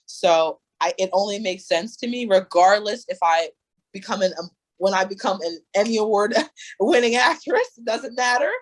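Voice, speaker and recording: A woman's voice: mid-range voice, lively intonation, normal speed, low-quality recording. A young woman talking candidly as a coaching client, earnest and emphatic, with many fillers and restarts. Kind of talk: candid conversation.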